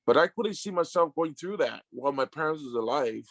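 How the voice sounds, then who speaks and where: A man in his fifties, a retired sumo wrestler, telling his story in an interview with emotional, halting restarts and casual slang. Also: on the high side, expressive, no echo. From Samoan family.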